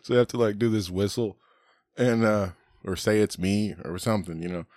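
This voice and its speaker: A man's voice: on the low side, fairly quick, darkish tone, no echo, studio quality. A middle-aged man on a podcast, casually telling rambling stories full of swearing and laughter. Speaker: podcast host. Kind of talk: casual storytelling chat.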